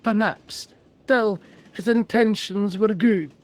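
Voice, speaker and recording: A woman voicing a genteel older woman traveler in a video game, dry and quietly teasing. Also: mid-range voice, slow, lightly acted. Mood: dry amused.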